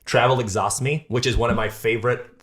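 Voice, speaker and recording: A man's voice: mid-range voice, steady tone, fast, a bit bright. A man hosting a podcast, chatting casually, swearing freely and laughing often. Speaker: podcast host.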